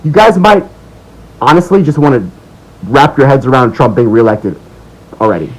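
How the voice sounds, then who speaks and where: An American man delivering an angry, sarcastic, profane political rant as the host of his own video monologue, swinging between low mutters and loud outbursts. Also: lively intonation, moderate pace, low-quality recording. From United States. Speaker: political commentator.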